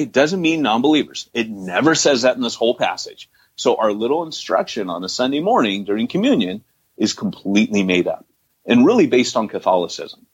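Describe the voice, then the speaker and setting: A man's voice: on the low side, slightly rough, lo-fi sound. A man co-hosting a podcast, reading scripture passages aloud and explaining them emphatically in a conversational teaching style. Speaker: podcast co-host.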